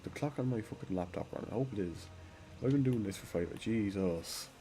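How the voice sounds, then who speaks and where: A man's voice: fairly low pitch, lively intonation, fairly quick, mellow, a little hiss or hum. A man streaming a game live, talking to himself and swearing in frustration, with game music behind him. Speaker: gaming streamer. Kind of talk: live gameplay commentary.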